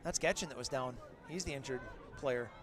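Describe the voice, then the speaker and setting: A middle-aged man calling a local high school football game as play-by-play announcer, openly rooting for the home team and shouting on big plays. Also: a little fast. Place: outdoors at a football field. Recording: crowd and outdoor noise behind. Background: crowd noise from the stands.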